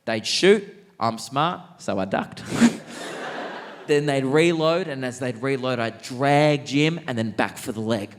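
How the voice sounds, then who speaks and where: A young Australian man doing stand-up, telling a story in an animated way and laughing at his own jokes. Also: mid-range voice, a little slow. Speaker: stand-up comedian. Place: large theatre stage. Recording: long theatre reverb, faint noise.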